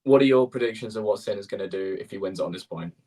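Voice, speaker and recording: A man calling live tennis play-by-play as co-host, brisk and quick to correct himself with apologetic asides. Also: lowish voice, warm tone, slightly rough.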